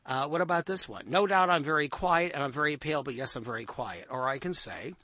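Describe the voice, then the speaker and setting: A man hosting a talk show, chatting with a guest and giving storytelling tips, playing expressively with pauses and emphasis. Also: fairly high pitch, sharp tone, no room sound. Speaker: show host.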